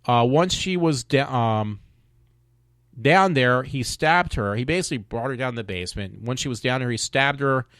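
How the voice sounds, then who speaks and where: A man hosting a podcast, ranting in a rambling, halting way with many restarts and fillers. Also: medium pitch, fairly bright tone, dry recording, clean studio sound. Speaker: podcast host. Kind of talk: casual opinion monologue.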